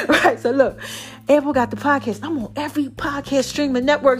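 A woman with a New York accent hosting a podcast in a casual, animated motivational monologue, drawling and breaking into bits of song. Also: high-pitched, normal speed, faint music behind. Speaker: podcast host.

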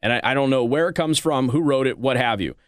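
A man's voice: mid-range voice, fast talker, no echo, clean studio sound. A man hosting a commentary show, talking casually with a sarcastic, rambling manner and frequent restarts. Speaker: political commentary host.

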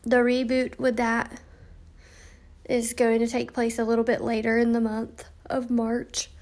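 A woman's voice: on the high side, monotone, measured pace, a little mellow. A young woman hosting a podcast, chatting casually with lots of ums, tired and yawning late at night. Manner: chatty, frequent ums, reading from notes. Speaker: podcast host. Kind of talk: casual podcast intro monologue.

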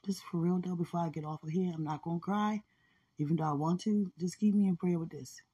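A woman talking in a heartfelt, prayerful way about faith and love, often murmuring quiet agreement. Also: fairly low pitch, steady tone, fast, husky. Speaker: podcast speaker. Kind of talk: casual emotional talk about faith and love.

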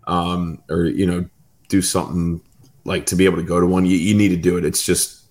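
A man co-hosting a podcast in casual chat, rambling with halting starts and fillers. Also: deep voice, level tone, a little mellow. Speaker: podcast co-host.

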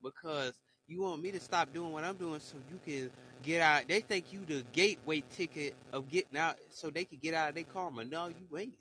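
Preachy man with a bright voice. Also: on the high side, fairly quick, few pauses, a little hiss or hum, rough recording. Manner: preachy, exclaims "Lord have mercy". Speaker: podcast host. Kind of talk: preachy motivational monologue.

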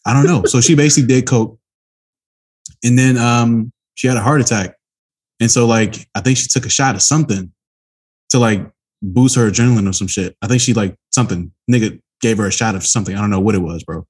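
Give me a husky young man with a low voice talking bluntly on a podcast. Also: brisk. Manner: relaxed, rambling, blunt. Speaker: podcast co-host. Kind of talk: casual chat.

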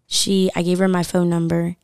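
A woman's voice: fairly low pitch, monotone, normal speed, a little mellow, clean tone, no echo, clean studio sound. A young woman from the United States telling a story in casual podcast chat, full of fillers and likes. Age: young adult.

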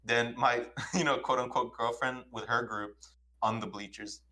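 A man's voice: mid-range voice, fairly even intonation, moderate pace, sharp tone. A young man co-hosting a podcast, telling a story casually with slang and frequent laughter. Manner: laughs often while telling stories, loose slangy talk. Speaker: podcast co-host.

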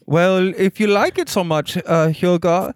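A man with a high voice stumbles over his words in a hurried, stammering improv role-play. The recording is dry and close. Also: lively intonation, clean tone, dry recording. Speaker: player.

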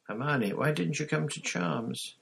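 A calm, puzzled teenage schoolboy, as a male reader plays him, matter-of-fact and given to muttering. The voice is close to the reader's own. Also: on the high side, a little slow, creaky, pitched above the performer's own voice, heavily acted.

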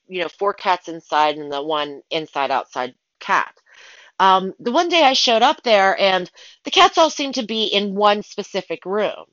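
A woman telling stories from her work as a pet sitter in a casual, animated way, acting out her own panicked thoughts. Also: fairly low pitch, no echo, muffled recording. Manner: animated, dramatic retelling with excited asides. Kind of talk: casual storytelling.

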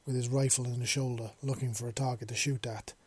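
A man reading fan fiction aloud in a plain, steady voice with small slips. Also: mid-range voice, fast, husky, no echo. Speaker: narrator.

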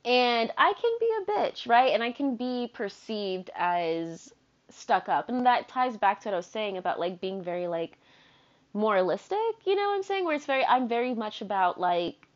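A young woman in her twenties hosting a podcast, telling stories in a chatty, animated way, full of "like" and asides. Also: a little high, moderate pace. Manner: chatty, animated, filler-heavy with frequent "like". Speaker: podcast host. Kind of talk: casual storytelling monologue. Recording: dull lo-fi sound.

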